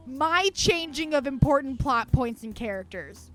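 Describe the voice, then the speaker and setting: Casting: high-pitched woman streamer, fiery and foul-mouthed, with faint music underneath. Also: animated, a little slow, few pauses, fairly bright tone. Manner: profane, heated ranting. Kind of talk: live-stream movie rant.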